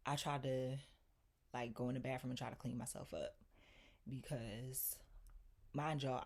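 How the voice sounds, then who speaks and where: A young adult woman telling viewers a personal story in a casual, animated and emphatic way, talking straight to them. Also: very deep voice, gravelly, husky. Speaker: vlogger.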